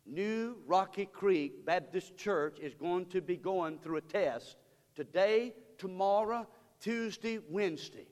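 A middle-aged man preaching a sermon as pastor, swinging from hushed talk to shouting. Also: sits high, slow. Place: church sanctuary. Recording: long reverb of a church hall.

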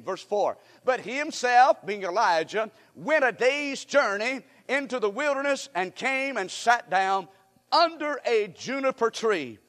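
A man's voice: high-pitched, a bit bright. A man preaching a sermon who reads scripture and asks rhetorical questions, repeating them and calling on the congregation to respond. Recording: long reverb in a large hall.

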